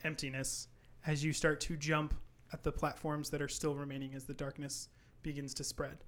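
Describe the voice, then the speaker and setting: Calm man narrating as game master. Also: fairly high pitch, moderate pace.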